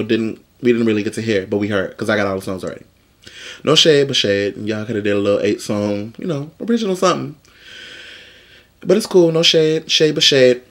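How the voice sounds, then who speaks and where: Sassy, chatty man hosting a vlog. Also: mid-range voice. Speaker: vlog host. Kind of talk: casual gossip commentary.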